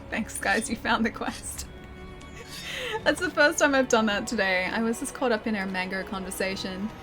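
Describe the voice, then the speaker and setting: A woman's voice: a little high, animated, normal speed, long pauses, music in the background. A young Australian woman chatting casually while streaming a game, reading chat aloud and laughing often. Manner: chatty, giggly, reads chat aloud and answers.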